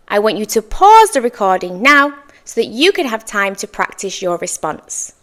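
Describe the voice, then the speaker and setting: Learners hear a woman's animated, slightly bright mid-range voice as she teaches English. Her delivery is slow and clear, with exaggerated intonation to imitate and plenty of encouraging praise.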